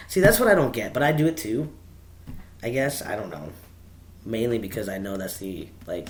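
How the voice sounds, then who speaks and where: A man's voice: medium pitch, slight background noise. A man hosting a casual solo podcast from home, stoned and rambling, swearing freely and laughing at himself. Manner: rambling, profane, laughing asides. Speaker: podcast host. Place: at home with his dog.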